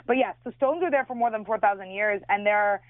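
A woman's voice: medium pitch, fairly quick, no echo. A Canadian woman co-hosting a radio talk show, chatting and giggling with some hesitation, heard over a tinny phone line. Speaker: radio co-host. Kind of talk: casual radio chat.

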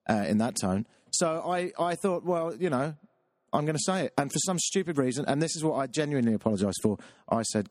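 A man's voice: medium pitch, a little fast, darkish tone, no room sound, studio quality. A man, a talk radio DJ telling a self-deprecating, rambling story on air. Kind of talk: confessional radio monologue.

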